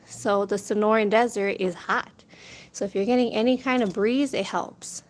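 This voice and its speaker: Speaking at a normal pace in a mid-range voice with fairly even intonation, a woman food vlogger chats casually out on a street, laughing a lot and retelling what other people said. The outdoor recording is noisy, full of street sound and wind.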